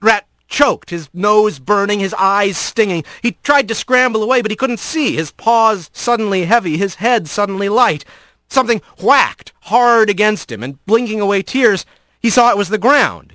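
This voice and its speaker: A man narrating a storybook in an expressive, storytelling way. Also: sits high, moderate pace, no echo. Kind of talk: audiobook narration.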